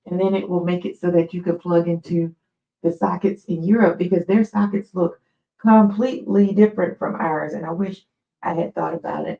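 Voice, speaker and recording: In a muffled recording, a woman from the US with a fairly low, creaky voice hosts a live stream. She's an animated, chatty storyteller who drifts off on tangents in a casual way.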